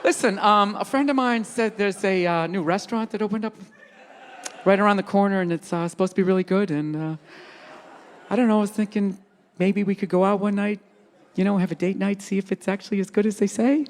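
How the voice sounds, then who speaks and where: A man's voice: high-pitched, fairly bright tone, slight background noise, voice pushed down. A man putting on a timid, hesitant wife voice. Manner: hesitant, halting, full of fillers. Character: timid wife tiptoeing around her husband. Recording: live stage with long reverb, audience.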